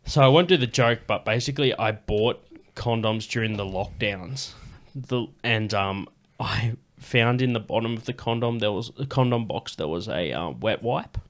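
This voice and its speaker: Laid-back male host, somewhat low voice, chatty and easygoing. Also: normal speed. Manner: relaxed, laughs easily, explains in plain steps. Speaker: podcast host. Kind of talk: casual podcast chat.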